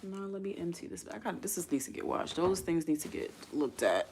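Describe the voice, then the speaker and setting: A woman's voice: fairly low pitch, expressive, brisk, few pauses, darkish tone, slight background noise. A young adult woman hosting a casual livestream, chatting with viewers, calling them y'all and putting questions to her chat. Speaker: livestream host.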